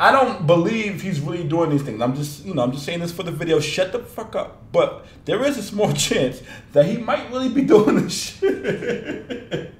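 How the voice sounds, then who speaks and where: Guy reacting to a rap video, high voice jumping all over, keeps cracking up, echoey room. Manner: laughs often, loud incredulous outbursts, profane. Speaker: music reaction host. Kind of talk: casual reaction commentary.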